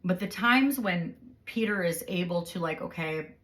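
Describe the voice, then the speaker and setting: Animated woman in her forties explaining. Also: fairly low pitch, moderate pace. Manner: animated, explains with vivid everyday scenarios. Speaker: host interviewing her husband. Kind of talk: casual explanatory conversation.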